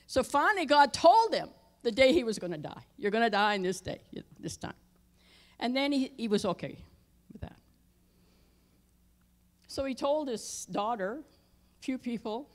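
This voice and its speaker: Woman, pastor, sermon storytelling, fairly high pitch, soft-to-loud swings, church. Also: big pitch swings, moderate pace. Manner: storytelling, voice dropping low for tense moments and rising loud for emphasis. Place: church sanctuary.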